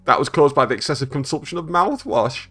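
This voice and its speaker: A man's voice: a little high, lively intonation, fairly quick, pushed and bright, breathy edge, soft background music. A man playing a game and reading its emails aloud, stumbling over words and adding sarcastic jokes. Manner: joking, reads text aloud with stumbles and sarcastic asides. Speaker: gaming YouTuber.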